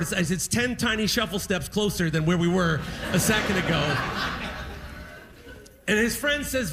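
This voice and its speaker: A man doing stand-up, telling family stories onstage and acting out the people in them with shouts and laughter. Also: sits high, moderate pace. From Canada. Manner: animated, acts out quotes with shouts and laughs. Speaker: stand-up comedian. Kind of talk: stand-up storytelling. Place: stage of a music hall before a live audience.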